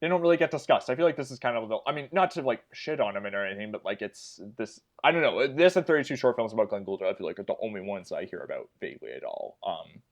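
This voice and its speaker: A man's voice: fairly low pitch, expressive, quick pace, hardly any pauses. A man co-hosting a film podcast, talking in loose, rambling casual chat full of hedges. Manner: rambling, many fillers and hedges. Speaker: podcast co-host.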